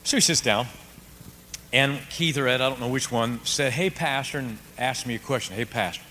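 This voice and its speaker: A man preaching a sermon, telling a story with swings from hushed to shouting. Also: mid-range voice, moderate pace, slight background noise. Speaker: pastor. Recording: reverberant hall with faint ambience.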